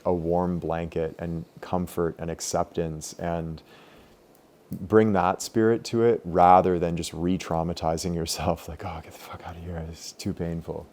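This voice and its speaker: Brief: young male meditation teacher, deep and warm, relaxed and rambling. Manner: relaxed, loose, many "like" fillers. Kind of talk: casual group teaching.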